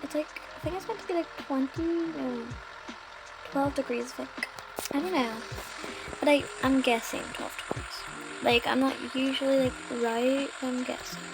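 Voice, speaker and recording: A British woman with a high voice narrates her game roleplay in a loose, rambling way, filling gaps with "like" and "um". Her throat is sore. Loud music plays under her voice the whole time. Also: steady tone, moderate pace, rough recording. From United Kingdom. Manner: rambling, many "like" and "um" fillers. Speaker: roleplay gamer.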